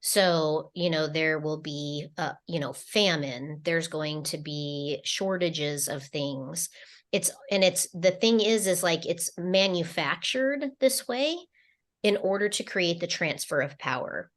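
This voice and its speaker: Slow-talking woman channeling messages. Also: low voice. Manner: slow, meandering delivery with many fillers and restarts. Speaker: channeler and podcast co-host. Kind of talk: casual spiritual podcast talk.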